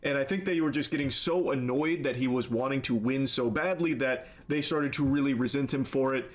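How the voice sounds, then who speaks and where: A man explaining events in a commentary video, measured, with sarcastic asides and acted-out quotes. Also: mid-range voice.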